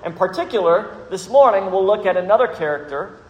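A man preaching a sermon as pastor, telling a story with measured, dramatic emphasis. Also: sits high, expressive, dull audio. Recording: echoey hall with long reverb.

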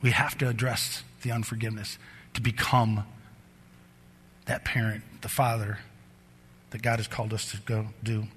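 A middle-aged man preaching from the pulpit, his bright, forceful voice carrying through a church with a long, ringing reverb. He tells personal stories with animation and lifts his pitch and volume as they build. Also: normal speed, pauses often, slight background noise. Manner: animated storyteller, bursts higher and louder in anecdotes. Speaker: pastor. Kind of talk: sermon with personal storytelling. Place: church sanctuary.

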